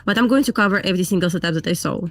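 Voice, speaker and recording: A woman's voice: on the low side, rapid-fire, vocal fry, faint music behind. A woman from Belarus with a Russian accent, a guest trader talking earnestly in casual interview chat over a video call. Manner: earnest, plain-spoken non-native English with frequent laughs.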